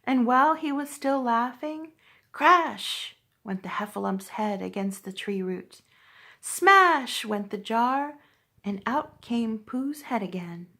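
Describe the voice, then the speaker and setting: A woman from a library reading a children's book aloud with lively, expressive storytelling. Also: a little high.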